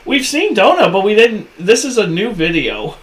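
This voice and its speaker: A man reacting on a casual stream, excitable and profane. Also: high voice, normal speed.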